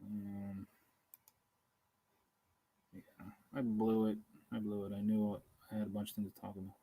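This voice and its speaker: A man talks loosely through a live stream outdoors, tired and hungry, stopping and restarting his thoughts. His voice is somewhat low with a husky edge. He chuckles between points. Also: monotone, a little slow, dark tone, low-quality recording. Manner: casual, chuckling, talks through hesitations and reads comments aloud. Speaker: beekeeping livestream host. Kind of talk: rambling live-stream chat.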